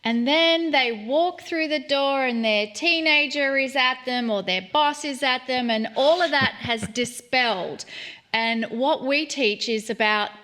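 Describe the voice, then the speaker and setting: High, bright-voiced woman host. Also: measured pace. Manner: warm and encouraging, gushing praise. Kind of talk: interview talk.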